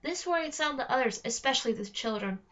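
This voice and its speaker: A woman reading a novel aloud in a steady storytelling manner, slowing on key phrases. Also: high-pitched. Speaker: reader. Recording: dull lo-fi recording.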